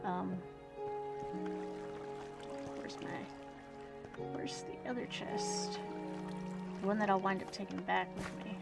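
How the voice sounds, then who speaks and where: A gaming video host with a gravelly, medium-pitched voice talks casually over her own gameplay, chatting to herself and to the game and sometimes dropping into whispers. Loud background music plays throughout.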